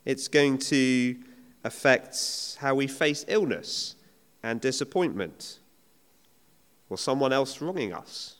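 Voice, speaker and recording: Male preacher, emphatic and conversational, animated pitch, reverberant church hall. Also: slow pace. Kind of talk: sermon.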